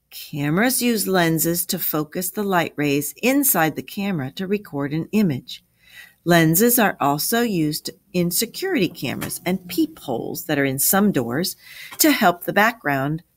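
A woman's voice: deep voice, heavily acted. A woman voicing a patient old grandfather who explains science to the children in a storybook reading. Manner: lecturing, explanatory.

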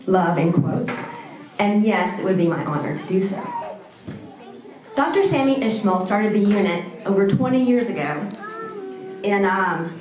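A woman's voice: medium pitch, lively intonation, measured pace, long pauses, a crowd in the background. A woman doctor giving an earnest, somewhat self-deprecating speech at an event. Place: large indoor event room. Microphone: far camera. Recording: echoey room from far off.

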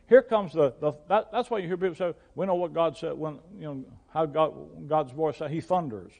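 A man's voice: fairly high pitch, moderate pace, vocal fry, few pauses, darkish tone, lo-fi sound. An older man, a pastor, teaching through a Bible passage, often restarting and repeating words, and reading verses aloud in old-fashioned wording.

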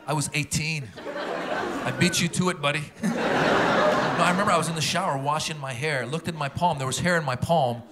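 A man doing a stand-up comedy set, animated and talking straight to the audience in a theater. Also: on the high side, moderate pace. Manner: animated, talks to the crowd. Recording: loud crowd laughter and noise.

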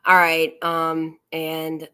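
A woman's voice: deep voice, completely flat delivery, extremely slow, sharp tone, a little hiss or hum. A woman co-hosting a casual live stream, often breaking into laughter. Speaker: co-host.

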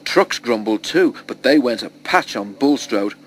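A man's voice: mid-range voice, a little slow, slight background noise, low-quality recording. Man reading a storybook aloud. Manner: steady, expressive storytelling. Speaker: storybook reader. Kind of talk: children's story read-aloud.

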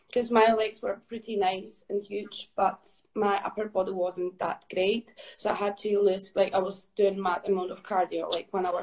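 A woman's voice: mid-range voice, rough recording. A woman from Poland with a Polish accent, chatting casually as a guest ambassador on a live video call. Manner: chatty, laughs often.

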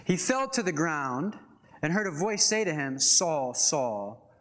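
A young man preaching a casual, animated sermon, reading scripture and adding chatty asides. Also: high-pitched, moderate pace, slight background noise. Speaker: pastor.

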